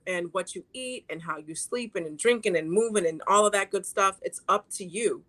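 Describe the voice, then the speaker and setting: A woman hosts a casual chat show with a bright, forceful voice. She talks in a chatty, emphatic way and throws in jokes. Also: mid-range voice, moderate pace, no room sound. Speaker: host.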